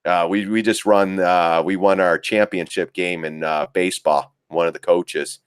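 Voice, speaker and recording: A man's voice: deep voice, steady tone, normal speed, smooth, no room sound, studio quality. A middle-aged man hosting a casual trading live stream, rambling and joking, swearing casually and laughing often. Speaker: live-stream market host.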